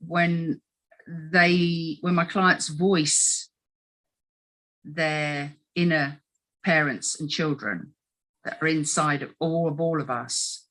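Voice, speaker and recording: A middle-aged woman, talking casually as a health coach in an interview, animated and putting on little voices as she quotes. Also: on the low side, low-quality recording.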